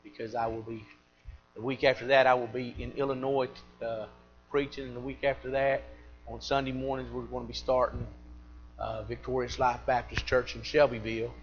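A middle-aged man preaching a sermon, swinging between loud emphatic peaks and quiet confiding asides. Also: medium pitch, level tone, moderate pace, dull audio, faint music behind.

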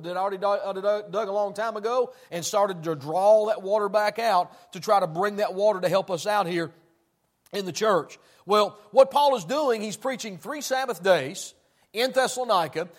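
A male pastor preaching a sermon in church, emphatic and prone to repeating words as he restarts. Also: sits high.

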